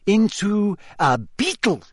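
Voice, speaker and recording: A man reading a story aloud and voicing a clever, excited teenage schoolgirl who talks eagerly and quickly. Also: high-pitched, no echo, studio quality, pitched above the performer's own voice, exaggerated voice. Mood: triumphant.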